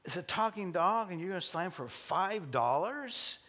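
A man's voice: mid-range voice, animated, a little slow, a bit bright, in a large hall. A man playing a curious passer-by who cannot believe a dog talks, inside a sermon joke. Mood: amazed. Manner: incredulous, amazed. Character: curious, amazed male passer-by.

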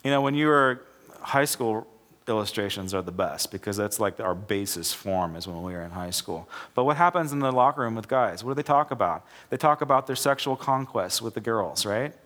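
A man's voice: fairly low pitch, animated, brisk, fairly bright tone. A young adult man, a pastor, preaching in a church in a loose, conversational way, often restarting his words as he tells a joke to make his point. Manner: conversational, repeats and restarts words, acts out quoted characters. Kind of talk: sermon with a joke told as illustration.

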